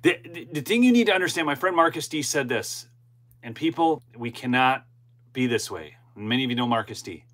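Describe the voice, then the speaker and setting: A man's voice: mid-range voice, expressive, fairly quick, a bit bright. A middle-aged man hosting a political commentary channel, reading news aloud and breaking into impassioned asides with frequent restarts.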